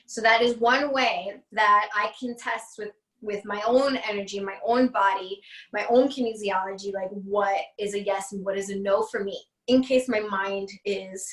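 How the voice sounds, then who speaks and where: A woman's voice: medium pitch, steady tone, moderate pace, fairly bright tone, roomy sound, distant mic, low-quality recording. A woman teaching an online class in a casual, chatty way, laughing often, on a video call.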